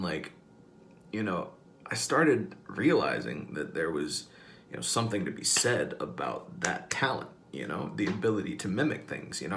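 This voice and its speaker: A man's voice: fairly low pitch, vocal fry, a bit bright, slight background noise. A man vlogging casually, rambling with lots of fillers and amused at himself. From Southern US. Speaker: comedic vlogger. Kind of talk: casual talk to camera.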